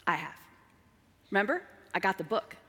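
A woman's voice: medium pitch, sing-song, normal speed, slightly rough. Woman preaching in a reverberant hall. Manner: dramatic, shifts between emphatic and hushed. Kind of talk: sermon.

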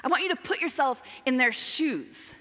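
A woman preaching a sermon, dramatic, moving between emphatic lines and hushed asides. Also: high voice, lively intonation, normal speed. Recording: long hall reverb.

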